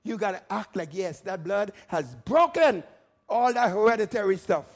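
A male pastor preaching a sermon emphatically, firing rhetorical questions and rising to shouts. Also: sits high, lively intonation, normal speed.

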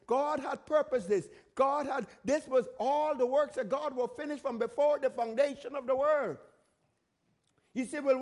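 A male pastor preaching a sermon, repeating phrases in a steady cadence and dropping his voice when quoting scripture. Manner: repetitive preaching cadence, quotes scripture in a lower voice.

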